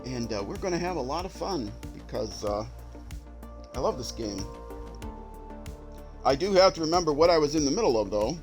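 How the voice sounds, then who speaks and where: A man's voice: a little high, lively intonation, normal speed, pauses often, music in the background. A middle-aged man with a Minnesota accent, tired and rambling through live gameplay commentary, chatty and self-mocking, tripping over his words. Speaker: game streamer.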